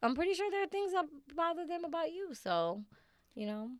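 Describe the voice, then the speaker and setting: A woman co-hosting a podcast, chatting casually and telling animated stories with plenty of swearing. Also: very high voice, brisk, no room sound. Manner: animated storytelling, swears freely. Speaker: podcast co-host. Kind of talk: casual chat.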